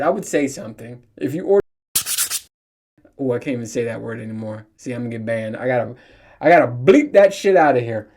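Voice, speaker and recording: A man's voice: fairly high pitch, darkish tone. Profane rambling man ranting on a podcast. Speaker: podcast host. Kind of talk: casual solo podcast rant.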